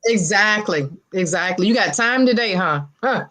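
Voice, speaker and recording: A woman's voice: mid-range voice, animated, normal speed, a bit bright. A woman talk show guest speaking emphatically and motivationally, repeating phrases for stress in casual interview chat.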